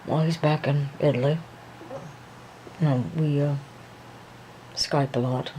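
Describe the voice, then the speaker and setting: A woman voicing a gentle young male dancer who speaks slowly and soothingly, hesitating with many ums. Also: sits low, fairly even intonation, a little hiss or hum, poor audio. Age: young adult.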